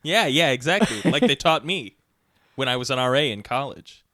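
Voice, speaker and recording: Bright, lively young man joking. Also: mid-range voice, a little fast, dry recording, studio quality. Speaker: podcast co-host. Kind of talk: casual chat.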